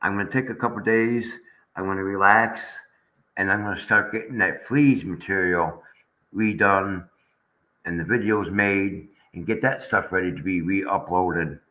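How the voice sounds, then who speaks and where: A man's voice: low voice, fairly even intonation, a little slow, sharp tone, low-quality recording. A man hosting a casual livestream chat, rambling and aggrieved as he talks to viewers in the chat. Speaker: channel host.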